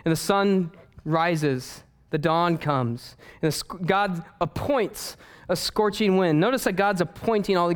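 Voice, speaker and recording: Animated man preaching a sermon. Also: on the high side. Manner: animated storytelling with humor. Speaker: pastor.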